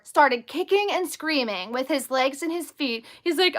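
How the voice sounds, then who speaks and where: Bright-voiced blunt woman live-streaming. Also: high-pitched, lively intonation, normal speed, hardly any pauses. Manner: blunt, emphatic, defiant; heavy use of "like" and "over the top". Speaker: host and stepmother. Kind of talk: casual live-stream storytelling.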